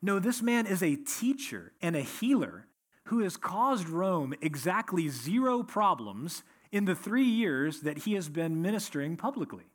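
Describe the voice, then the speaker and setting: A man's voice: high-pitched, very animated, unhurried, slightly rough. A man preaching an expository sermon, reading scripture aloud and then explaining it verse by verse. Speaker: pastor.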